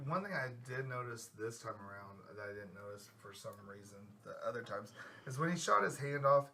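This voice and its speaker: Bright-voiced man chatting about a film. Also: medium pitch, animated, fairly quick, slight background noise. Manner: chatty, many fillers like "like". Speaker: podcast co-host. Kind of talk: casual chat.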